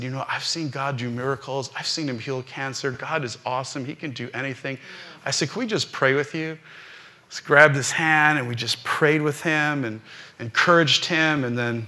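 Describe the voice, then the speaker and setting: During a live church service, a rabbi and pastor shares a personal story from the pulpit, building to animated, rising peaks. He speaks at a medium pitch.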